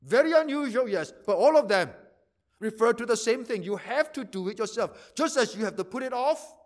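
A pastor preaching a sermon, repeating phrases for emphasis and swinging from loud to quiet. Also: male voice, very high-pitched, expressive, normal speed.

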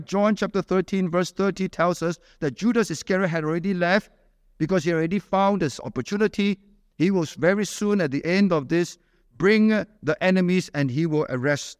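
A man preaches with strong emphasis, his fairly high voice rising to urge and dropping low to plead. His close voice is dry, yet a long reverb from the hall trails behind it. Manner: emphatic, swings between loud high urging and low quiet pleading. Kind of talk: sermon.

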